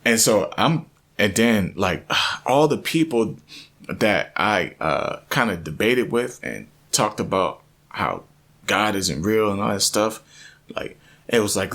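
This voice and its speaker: A man vlogging a personal story, earnest and animated, often restarting and repeating himself. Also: on the low side, slow pace.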